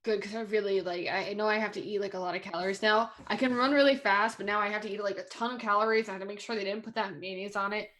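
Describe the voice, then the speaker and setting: A woman's voice: medium pitch, fairly even intonation, fast, few pauses, a bit bright, natural voice. A woman voicing a nervous young female college sprinter who rambles and says "like" a lot, in a tabletop role-play. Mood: anxious.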